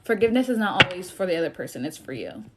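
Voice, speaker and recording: A woman's voice: fairly low pitch, sing-song, racing, very noisy. Chatty young woman giving a tarot reading. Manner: chatty and sassy, laughing often. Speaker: tarot reader. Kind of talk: live-stream tarot reading. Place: home, live stream.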